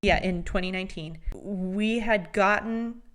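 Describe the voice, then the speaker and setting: A young woman in her twenties tells stories on a podcast in easygoing, animated chat. Her voice sits at an ordinary middle pitch, and she talks on with quick asides. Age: 20s. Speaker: podcast co-host. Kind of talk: casual chat.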